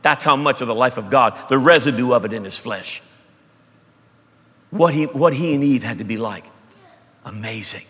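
A man preaching a sermon, emphatic, moving between loud bursts and hushed asides. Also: medium pitch, moderate pace, pauses often, slightly rough. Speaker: pastor. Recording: long hall reverb.

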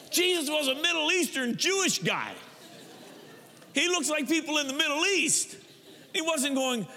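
A man preaching a sermon as pastor, animated, now and then mocking stiff churchy prayer voices. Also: very high-pitched, moderate pace, long reverb tail.

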